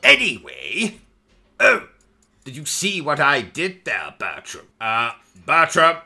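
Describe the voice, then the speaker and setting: A man's voice: medium pitch, huge pitch swings, takes it slowly, gravelly, sharp tone. A man hosting comic gameplay commentary, boastful, pompous and insulting. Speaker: gaming comedy host.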